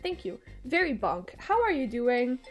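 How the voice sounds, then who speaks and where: Giggly young woman streamer, lively pitch. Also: measured pace, over music. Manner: giggly, playful, chatty with viewers. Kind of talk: casual game-stream chat.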